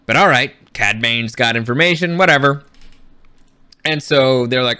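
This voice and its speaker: A man giving a casual, rambling review, sarcastic and quick to act out characters' lines. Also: medium pitch, pushed and bright, smooth, no room sound. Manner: frequent restarts and fillers, swears when annoyed. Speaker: YouTube reviewer.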